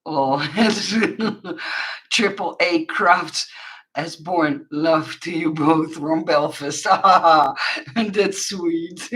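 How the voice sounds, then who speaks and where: Woman craft host, casual chat, slow delivery, keeps breaking into laughter. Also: mid-range voice, a bit bright. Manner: laughing helplessly between short remarks.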